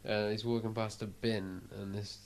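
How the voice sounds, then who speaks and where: A man guesting on a chat show, reacting quickly and retelling videos with excitement. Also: fairly low pitch, slight background noise. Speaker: comedian guest. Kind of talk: casual chat.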